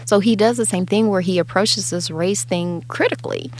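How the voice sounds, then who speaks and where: A woman's voice: medium pitch, normal speed, slight background noise. A woman co-hosting a podcast in casual chat, chatty and jokey, trailing off into asides. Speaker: podcast co-host.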